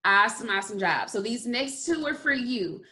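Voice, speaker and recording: A woman teaching a phonics lesson to young children, speaking in a slow, encouraging way and stretching out the sounds of words. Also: fairly high pitch, lively intonation, pushed and bright. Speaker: kindergarten teacher.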